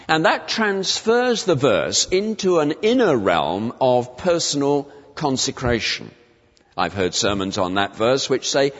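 A man delivering a sermon in a church, explaining his passage step by step and slowing to weigh each quoted verse. His pitch moves widely as he stresses words. The recording is dull and lo-fi, with a long reverb from the hall around him. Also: wildly swooping pitch. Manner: measured, expository, slows to stress quoted verses. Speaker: preacher.

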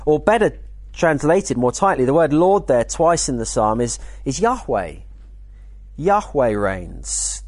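A man teaching at a church weekend, speaking in a conversational, lively way with jokey asides. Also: a little high, moderate pace, dry recording. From United Kingdom. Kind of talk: teaching talk.

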